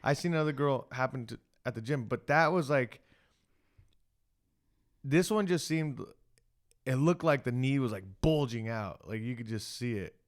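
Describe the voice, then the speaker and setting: A man's voice: medium pitch, moderate pace, long pauses. A man co-hosting a casual podcast chat, telling a story in a rambling way full of restarts. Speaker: podcast co-host.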